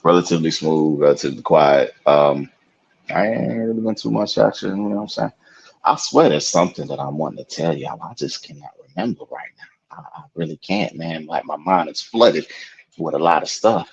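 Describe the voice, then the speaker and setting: Very deep-voiced man, laid-back podcast rambler. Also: lively intonation, brisk, creaky, slightly rough. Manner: laid-back, rambling with lots of fillers and "you know what I'm saying". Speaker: podcast co-host. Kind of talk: casual podcast chat. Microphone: video call. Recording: dull lo-fi remote call audio.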